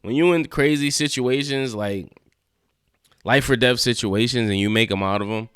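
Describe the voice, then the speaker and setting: A man's voice: mid-range voice, moderate pace, fairly bright tone, clean tone, no room sound, studio quality. A man casually reviewing and recapping a TV episode, laid-back and slangy, chuckling as he retells scenes. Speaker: TV show reviewer.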